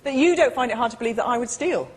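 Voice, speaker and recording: A woman's voice: on the high side, animated, racing, heavy background noise. A woman guest on a comedy panel show, telling a story hesitantly while searching for words.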